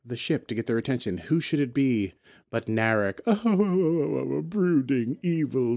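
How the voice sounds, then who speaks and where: A man co-hosting a podcast, recapping an episode in a rambling, playful way and dipping into quick voices when he quotes characters. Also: medium pitch, animated, vocal fry, a little mellow. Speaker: podcast co-host. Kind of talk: casual recap chat.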